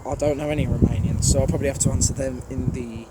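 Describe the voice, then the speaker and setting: This trainspotting channel host, speaking with a strong Birmingham accent, fields viewer questions in a casual outdoor vlog at a railway station, rambling bluntly with lots of fillers. He's a fast talker with a medium pitch and fairly even intonation, recorded with outdoor background noise.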